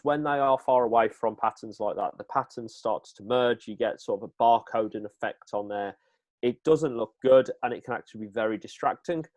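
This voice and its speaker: A man's voice: mid-range voice, dry recording. A man giving upbeat, direct presenting tips to the camera on a video call. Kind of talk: instructional chat on a video call. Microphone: webcam.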